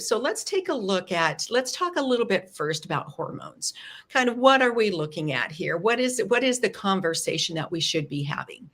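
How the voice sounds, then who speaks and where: A woman's voice: fairly high pitch, fairly bright tone. A woman hosting a podcast interview, sympathetic and enthusiastic as she asks questions. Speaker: podcast host. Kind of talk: conversational interview.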